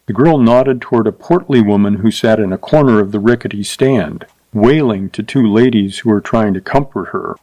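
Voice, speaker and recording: A man's voice: lowish voice, moderate pace, few pauses, mellow, no room sound, poor audio. Dry, close male audiobook narrator. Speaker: narrator reading a short story.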